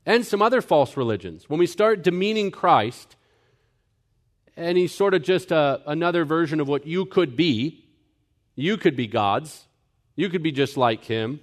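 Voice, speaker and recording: A man's voice: fairly high pitch, expressive, a little slow. A young-adult man pastor teaching a sermon earnestly, explaining scripture point by point. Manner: earnest, mimics people in quoted asides.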